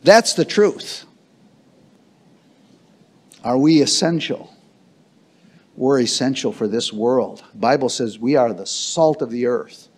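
A man's voice: medium pitch, unhurried, a little mellow. A man preaching a sermon as pastor, emphatic and calling for answers from the congregation. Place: church sanctuary.

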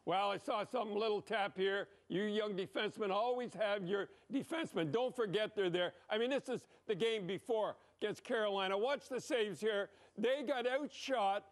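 Emphatic older hockey commentator, high voice. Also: male voice, moderate pace, few pauses. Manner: blunt, emphatic, rambling, with frequent "eh?". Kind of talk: excited hockey commentary over replays.

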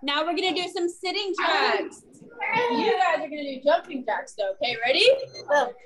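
Woman fitness teacher running chair exercises, high voice, peppy, counting reps out loud. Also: animated, normal speed, poor audio. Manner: upbeat, encouraging, counts reps aloud. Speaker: fitness instructor. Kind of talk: leading a chair exercise class.

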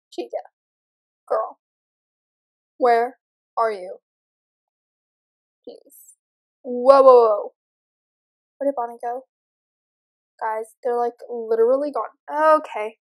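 A woman's voice: a little high, takes it slowly, pauses often. A young woman nervously commenting as she plays a horror game, chatting to her viewers. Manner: nervous, jumpy, talks to viewers. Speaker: gamer.

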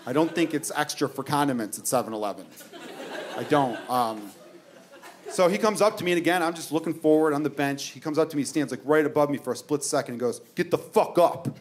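An American male stand-up comedian tells a profane story on stage as part of his routine, turning aside to address the audience. He talks fast, with a voice pitched a little high.

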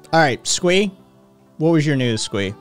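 A man's voice: medium pitch, fairly bright tone. A man streaming live from home, chatting with viewers in a profane, ranting way. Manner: profane, ranting, talks to chat. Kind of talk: casual live-stream chat.

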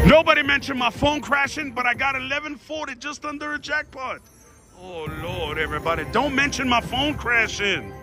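A man in a casino, calling out his slot spins to viewers with excited shouts and groans. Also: sits high. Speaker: slot machine vlogger. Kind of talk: excited live slot commentary. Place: casino floor.

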